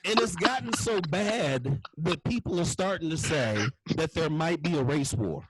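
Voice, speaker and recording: A man's voice: on the high side, expressive, unhurried, fairly bright tone, low-quality recording. A man doing a stand-up comedy set, ranting in a loose, profane way with constant curse words.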